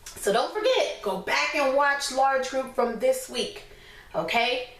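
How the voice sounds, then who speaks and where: A woman teaching a class of small children, with a slow, sing-song teacherly way of talking. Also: high voice, expressive, a bit bright. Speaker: preschool teacher. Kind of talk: online class lesson for young children. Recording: echoey room, voice from a distance.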